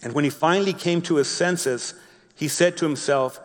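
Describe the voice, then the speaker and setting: A man preaching a sermon, reading a Bible story slowly and explaining it in his own words with frequent restarts. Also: on the high side, in a large hall. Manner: reads scripture slowly, then explains with repeated restarts. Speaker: pastor.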